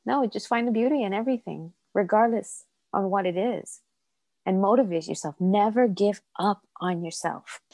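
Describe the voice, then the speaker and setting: Medium in pitch and a little mellow, her voice comes at normal speed with no room sound. An adult Colombian mother of four, she gives a heartfelt podcast interview, earnest in tone and circling back to phrases for emphasis.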